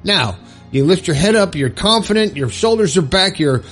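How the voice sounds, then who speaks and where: A man's voice: high-pitched, animated, normal speed, fairly bright tone, faint music behind. A man giving earnest motivational advice, coaching listeners step by step and checking in with them often. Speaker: self-help video host.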